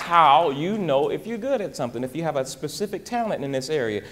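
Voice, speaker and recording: Folksy, animated motivational speaker man. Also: a little high, brisk, hardly any pauses, long reverb tail, some chatter behind, a little hiss or hum. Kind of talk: live motivational talk.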